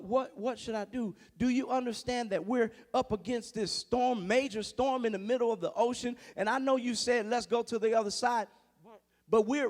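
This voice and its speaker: A man preaching a sermon, building from hushed tones to shouting, firing rhetorical questions at the congregation. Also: very high voice. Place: large church sanctuary. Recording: long reverb of a church hall.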